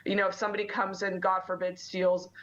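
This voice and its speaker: A woman answering interview questions in an articulate, steady way. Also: mid-range voice, quick pace, highs cut off. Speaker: interview guest.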